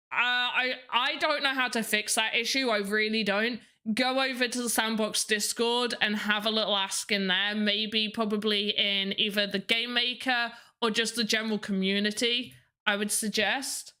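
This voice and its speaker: A woman's voice: a little high, steady tone, normal speed, bright, forceful tone, clear, resonant tone. A young woman hosting a livestream, chatting casually to her viewers with a self-mocking manner. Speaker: livestream host.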